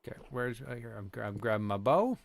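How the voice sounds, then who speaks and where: A man's voice: mid-range voice, lively intonation, quick pace, vocal fry, a little hiss or hum. A man hosting a game livestream, chatting loosely and reacting to his chat as he plays. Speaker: livestream host. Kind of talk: casual chat while playing a game.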